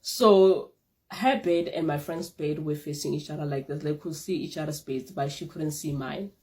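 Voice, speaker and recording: A young woman vlogger telling a casual storytime tale, animated and repeating phrases for emphasis. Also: low voice, normal speed.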